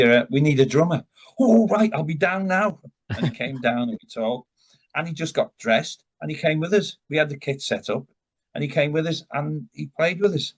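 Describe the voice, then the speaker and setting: Older man, lowish voice, rock vocalist, rambling anecdotes, frequent restarts, casual interview guest.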